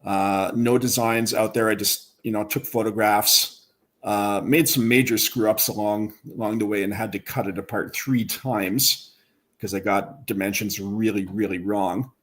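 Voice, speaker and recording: A man chatting as a guest on a livestream, telling his story in a relaxed, self-deprecating way. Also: on the low side, a little slow. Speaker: guest model builder. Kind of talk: casual chat on a livestream.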